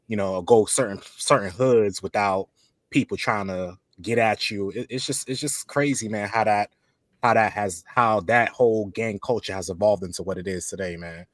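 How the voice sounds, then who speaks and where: A man talking as a podcast guest in casual chat, halting with many restarts and fillers. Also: on the low side, no echo.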